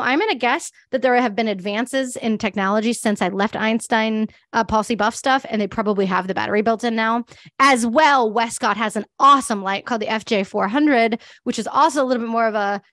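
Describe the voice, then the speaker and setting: Bubbly chatty woman with a high voice. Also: a bit bright, no echo, clean studio sound. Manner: chatty, laughs often, many "like" fillers. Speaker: guest speaker, pet photographer. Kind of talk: casual presentation with audience Q&A.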